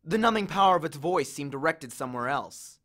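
Guy narrating a novel aloud, kinda high voice, measured expressive reading. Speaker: audiobook reader. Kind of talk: first-person audiobook narration.

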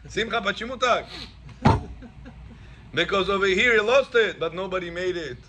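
A man's voice: high voice, normal speed, heavy background noise. A man teaching a class as a rabbi, telling stories and acting out the dialogue with animation. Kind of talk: storytelling Torah class.

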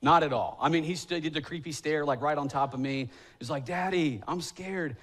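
Higher-voiced man preaching a sermon. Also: fairly quick, fairly bright tone. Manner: conversational storytelling with self-deprecating humor; acts out quoted voices, rising to emphatic pleading. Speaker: pastor. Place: church sanctuary.

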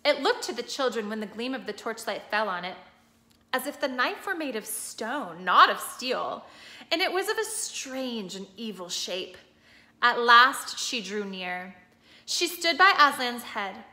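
A woman reading a storybook aloud with steady, expressive storytelling, now and then stopping to explain a picture. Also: a little high, unhurried. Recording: echoey room.

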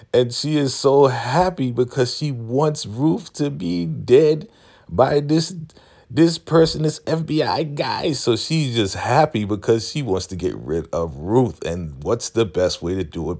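A man casually recapping a TV episode, talking in an animated, storytelling way. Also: lowish voice. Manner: animated storytelling, acting out scenes. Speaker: TV recap vlogger.

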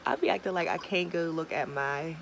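A young woman vlogging casually, talking, swinging between murmured asides and excited squeals. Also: low voice, a little fast, gravelly, slight background noise, rough recording. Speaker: small business owner launching an online store. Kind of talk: casual vlog chat.

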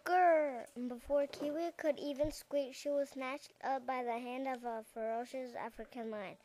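A woman reading a class-written picture story aloud in a careful, halting way. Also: high-pitched, fairly even intonation, warm tone, a little hiss or hum.

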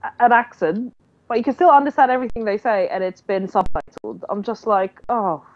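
A woman's voice: fairly high pitch, a little fast, lo-fi sound. A woman co-hosting a casual podcast chat who gives frank, blunt opinions. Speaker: podcast co-host.

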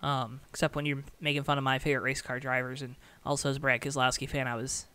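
Bright, sarcastic male race commentator. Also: mid-range voice, little pitch movement, quick pace, smooth, dry recording. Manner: joking, sarcastic and rambling. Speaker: racing video commentator. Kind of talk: casual commentary over race footage.

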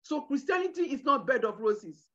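A woman preacher delivering a sermon with emphatic, shouted bursts. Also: high voice, sing-song, normal speed, lo-fi sound. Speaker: preacher at a women's conference.

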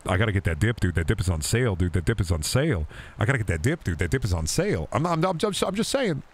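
A man's voice: sits low, lively intonation, rapid-fire, breathy edge. A young man streaming a game, riffing in jokey, repetitive casual commentary. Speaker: gaming streamer. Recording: faint background noise.

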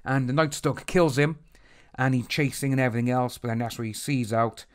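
Male reviewer, mid-pitch, casual recap with quoted reactions. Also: brisk, smooth. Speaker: TV series reviewer.

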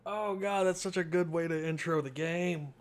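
A man's voice: fairly high pitch, fairly even intonation, moderate pace. A man playing a video game with laid-back, short comments and a casual sign-off to viewers. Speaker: gaming channel host.

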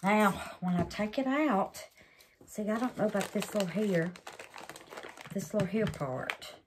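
A woman's voice: medium pitch, expressive, measured pace, a little hiss or hum. A woman chats through a resin craft demo, exclaiming and calling her viewers babies. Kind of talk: casual craft demo chat.

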